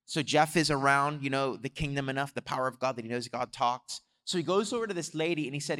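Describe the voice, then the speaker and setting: A man preaching a sermon, telling a story in an animated way and swelling louder on his exhortations. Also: mid-range voice, fast talker, hardly any pauses. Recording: long hall reverb.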